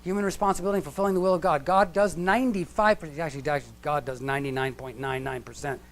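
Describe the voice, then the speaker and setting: A man's voice: fairly high pitch, steady tone, rapid-fire. A middle-aged man giving a lecture-style sermon in a church hall, talking conversationally with restarts and asides. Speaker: church speaker.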